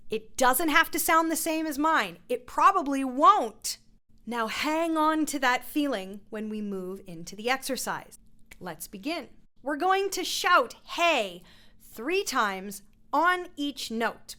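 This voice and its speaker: A woman's voice: high-pitched, expressive, measured pace, sharp tone, faint music behind. A woman vocal coach teaching a voice lesson in a playful, encouraging way. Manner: instructive.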